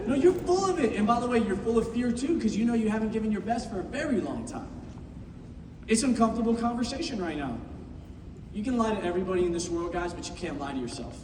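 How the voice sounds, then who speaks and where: A middle-aged man giving an impassioned motivational speech to a room of recruits, swinging from shouting to hushed tones. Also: high-pitched, very animated, quick pace, noisy background. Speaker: business team leader speaking to recruits. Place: large meeting room with an audience. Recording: echoey hall, mic far off.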